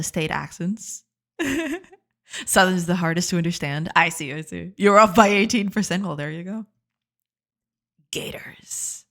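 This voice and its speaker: Woman, live-stream chat, giggly, self-deprecating, stammering. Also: lowish voice. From not from the United States. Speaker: game developer streamer.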